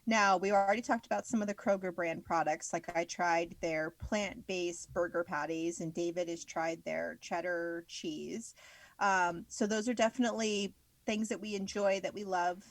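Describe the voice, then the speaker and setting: A woman co-hosting a casual podcast, bubbly and excitable, laughing often as she talks. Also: fairly low pitch, moderate pace, no echo. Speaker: podcast co-host.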